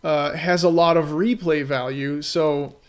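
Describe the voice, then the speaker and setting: A man with a fairly high voice talks on a live stream about the game he is making. He rambles, loses his thread and restarts, and leans on "you know" and "right?" to keep the chat with him. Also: fairly even intonation, measured pace. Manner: rambling, filler-heavy, keeps checking in with "right?".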